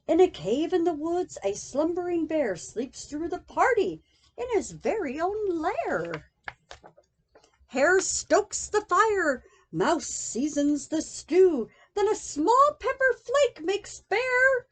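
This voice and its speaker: An older woman, a grandmother, reading a children's picture book aloud in a slow, sing-song, expressive way. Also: extremely high pitch.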